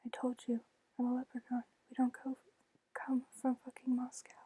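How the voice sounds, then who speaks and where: A woman in whispered role-play voicing a crude bearded man, in a soft unvoiced whisper. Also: high-pitched, monotone, normal speed, slight background noise, natural voice. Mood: gruff. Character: crude bearded male drinker.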